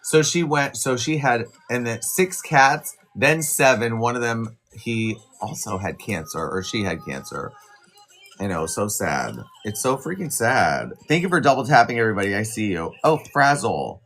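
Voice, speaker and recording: A man talking casually to viewers on a live morning stream, rambling from story to story. His voice sits at an ordinary middle pitch, and he drops quick asides to the people watching. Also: expressive, fairly bright tone, soft background music. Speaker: livestream host.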